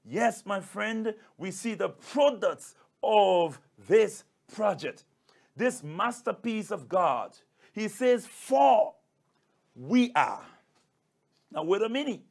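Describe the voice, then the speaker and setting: A man's voice: high voice, very animated, slow pace, vocal fry, a little mellow. A male pastor preaching a sermon, emphatic and repetitive, addressing listeners as brothers and sisters. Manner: emphatic, repeats key phrases.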